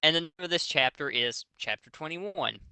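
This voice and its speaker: A man's voice: fairly high pitch, lively intonation, normal speed, sharp tone, clean tone, dry recording. A man doing a mocking comedic reading of a bad fanfic aloud to friends, swearing often. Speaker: reader of a fanfic.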